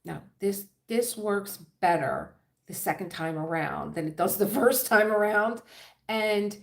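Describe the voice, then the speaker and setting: A woman's voice: mid-range voice, lively intonation, a little slow, gravelly. A middle-aged woman with a Philadelphia accent chatting casually on a crafting livestream, rambling and laughing often. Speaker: diamond painting livestream host.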